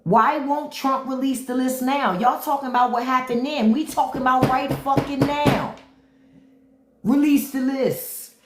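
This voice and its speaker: A woman's voice: sits high, steady tone, moderate pace, hardly any pauses, slight background noise. Brief: woman host on a livestream, blunt and taunting, AAVE speech, roomy echo on the mic. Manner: blunt, taunting, repeats her question to commenters. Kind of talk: unfiltered livestream commentary.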